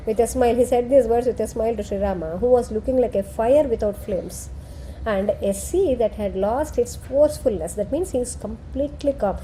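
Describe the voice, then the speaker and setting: A woman's voice: a little high, mellow, a little hiss or hum. A woman retelling a scripture story and explaining it. She keeps checking in with her listener. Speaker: scripture teacher.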